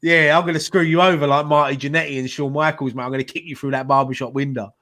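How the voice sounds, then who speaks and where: A man's voice: fairly high pitch, fairly even intonation, bright, forceful tone. A man co-hosting a fan show. He teases the others in a jokey way and laughs easily. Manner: jokey, teasing, quick to laugh. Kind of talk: casual pub-style banter.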